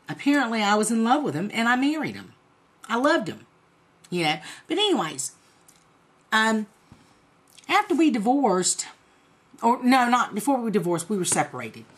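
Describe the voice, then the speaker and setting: A middle-aged woman vlogger telling a personal story to the camera in a blunt, profane, animated way. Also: a little high, slightly rough.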